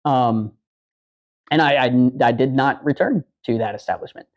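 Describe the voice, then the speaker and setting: A man's voice: medium pitch, moderate pace. A man hosting a livestream, telling rambling, profane anecdotes in a casual chat and acting out the quotes. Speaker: podcast host on a livestream.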